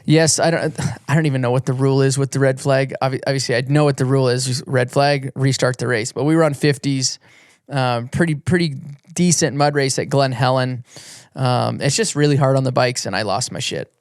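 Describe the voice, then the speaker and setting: A man's voice: medium pitch, fairly even intonation, a little fast, dry recording, studio quality. A man in his thirties, a retired racer and podcast guest, telling stories in casual chat, rambling with many restarts and swearing freely.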